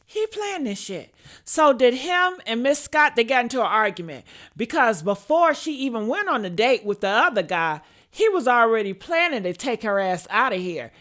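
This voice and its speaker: A woman with a bright, ringing voice hosts a live stream and reacts to news footage. Her speech swings widely in pitch as she talks bluntly to her viewers, swearing freely. She sits a little higher than most women. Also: normal speed. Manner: animated, blunt and profane, talks straight to viewers. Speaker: host.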